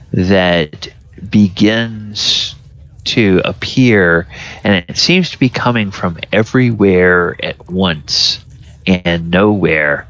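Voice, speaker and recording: A man narrating a tabletop game as game master, in a halting, thoughtful way. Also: low voice, a bit bright, no room sound. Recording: dull lo-fi recording.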